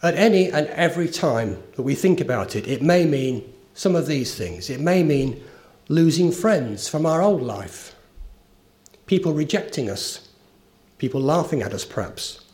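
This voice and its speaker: Preaching in a somewhat high, slightly mellow voice, a man delivers an earnest, emphatic sermon with a story along the way. Key phrases get rising emphasis.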